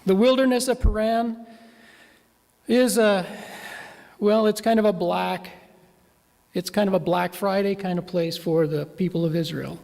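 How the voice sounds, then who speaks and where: In an easy, unhurried manner, a male minister tells a story during a sermon with map, questioning his congregation along the way. His voice is high for a man, darkish, with vocal fry and fairly even intonation. A church hall's long reverb surrounds him.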